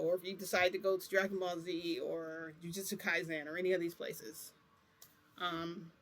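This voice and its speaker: A man's voice: high-pitched, vocal fry, a bit bright. A man vlogging, telling a long rambling story in casual talk, acting out the back-and-forth with "I'm like" and "he goes". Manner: rambling, quotes dialogue with "I'm like".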